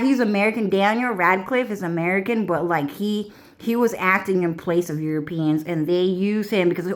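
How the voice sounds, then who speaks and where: A young woman vlogger ranting casually, rambling and swearing with frequent laughs. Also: mid-range voice. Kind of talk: casual rant.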